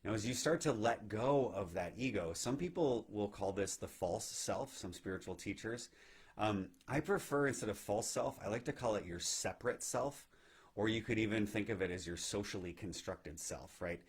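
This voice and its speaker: A man giving a gentle, reflective spiritual teaching talk on meditation, often checking in with "right?". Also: lowish voice, normal speed, slightly rough. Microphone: live video stream.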